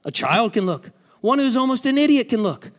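A man voicing a thin, gangly lay preacher who pleads loudly and keeps repeating himself with heavy emphasis. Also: very high-pitched, very animated, fairly quick, pitched above the performer's own voice. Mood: emphatic. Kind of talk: dramatic quoted preaching.

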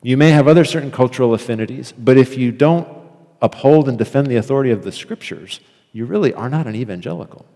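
A man's voice: medium pitch, fast, warm tone, big-room sound. A man giving an earnest, emphatic theology lecture and repeating phrases for effect.

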